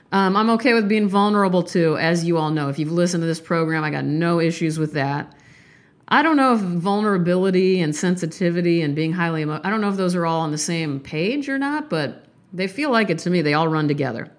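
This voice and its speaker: Candid woman hosting a podcast. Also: brisk. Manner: candid, rambling, animated swings in pitch. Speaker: podcast host. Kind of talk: casual monologue.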